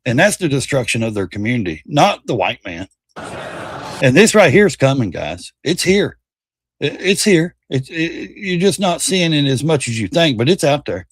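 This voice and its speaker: A man's voice: medium pitch, sing-song, normal speed, slightly rough, no echo. A man hosting a livestream, giving heated political commentary in a blunt, profane rant. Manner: mocks by quoting others in put-on voices. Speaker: livestream host.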